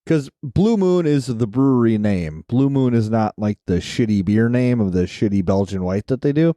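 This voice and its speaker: Lively, mellow-voiced man in casual chat. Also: mid-range voice, normal speed, no echo. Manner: loose, profane, rambling storytelling. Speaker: podcast co-host.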